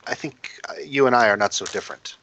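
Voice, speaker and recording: A man voicing a guarded woman scout in a tabletop game, speaking in a hesitant, halting way. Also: medium pitch, bright, forceful tone, slight background noise. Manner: hesitant, halting delivery with restarts. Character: wary young woman scout, guarded and dry.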